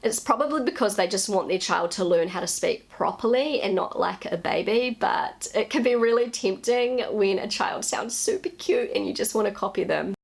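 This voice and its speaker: A woman in her thirties with a New Zealand accent, chatting casually to camera as a vlogger, with relaxed asides. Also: medium pitch, normal speed, creaky, few pauses, breathy edge. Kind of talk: casual vlog commentary.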